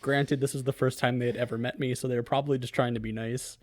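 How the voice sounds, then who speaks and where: A man's voice: mid-range voice, little pitch movement, darkish tone, no room sound, clean studio sound. A man co-hosting a podcast, joking around in casual chat. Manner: joking, quick agreeing interjections. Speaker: podcast co-host.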